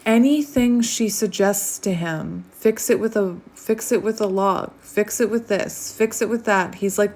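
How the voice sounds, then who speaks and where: A woman giving a casual tarot reading, rambling and chatty with many fillers, sometimes dropping to a soft near-whisper. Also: mid-range voice, unhurried, few pauses. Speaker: tarot reader. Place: home, outdoors light fading.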